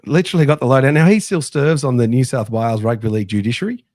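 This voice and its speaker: An Australian man hosting a casual sports podcast, telling an animated anecdote in a chatty way. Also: mid-range voice, quick pace, no echo, clean studio sound. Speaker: podcast host.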